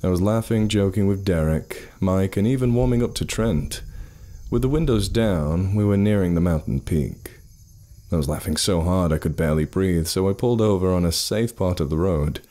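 A man narrating a horror story in an expressive, storytelling way. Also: low voice, normal speed.

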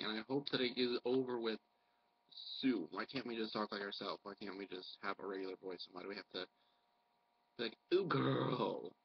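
A man's voice: mid-range voice, dull audio, a little hiss or hum. Blunt profane man with a cold. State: has a cold. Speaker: vlogger. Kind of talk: casual ranting vlog.

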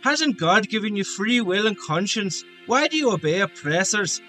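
A man's voice: high voice, big pitch swings, moderate pace, bright, forceful tone, faint music behind, pitched above the performer's own voice, exaggerated voice. A man voicing a defiant Irish rebel in a put-on Irish accent, stern and accusing as he questions a captive.

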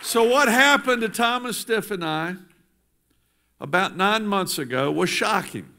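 Man with a gravelly voice, somewhat high-pitched, giving an emphatic speech to a congregation over faint crowd sound. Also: animated, a little slow, bright, forceful tone. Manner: emphatic, builds through repetition. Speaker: politician addressing a church. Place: church sanctuary.

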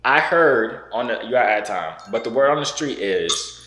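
A man's voice: mid-range voice, expressive, normal speed, roomy sound, background noise. A young man vlogging, teasing strangers on a video call with a playful, mock-serious manner. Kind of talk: prank video-call chat.

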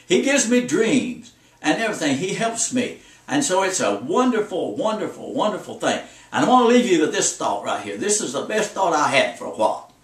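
Old man in his seventies, high voice, folksy exhorting preacher, roomy echo, distant from the mic. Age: 70s. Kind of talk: folksy sermon.

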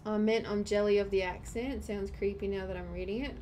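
A woman's voice: mid-range voice, steady tone, a little fast, mellow, a little hiss or hum. A woman streaming gameplay, ranting and swearing at the game as she plays. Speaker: gamer streamer. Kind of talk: gameplay commentary.

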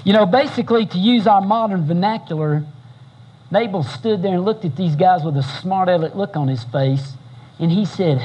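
A man preaching a sermon as pastor, telling the story in a folksy, animated way and bantering with the congregation. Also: high-pitched, normal speed, husky, muffled recording.

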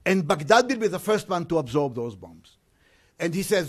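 Halting man giving a conference talk. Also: a little high, sing-song. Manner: halting, with frequent hesitations and restarts. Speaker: conference speaker.

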